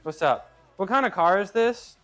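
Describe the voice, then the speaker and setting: Man live-streaming a workout and reading chat, slightly high, easygoing and talkative, light music under him. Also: lively intonation, moderate pace, fairly bright tone. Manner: chatty, laughs easily, restarts phrases. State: working out.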